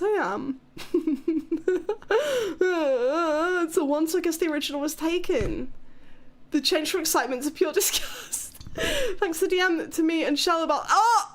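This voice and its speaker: A woman from Wales with a British accent, chatting casually and excitably on a live stream, giggling and swearing as she reacts to chat. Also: high voice. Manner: giggly, excitable, swears a lot, playful exclamations.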